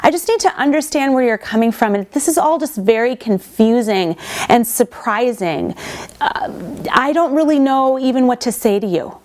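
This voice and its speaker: A woman's voice: fairly high pitch, animated, normal speed, darkish tone, close to an everyday voice. A woman acting out a woman who feigns confusion in an airy, quizzical way. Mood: feigned confusion.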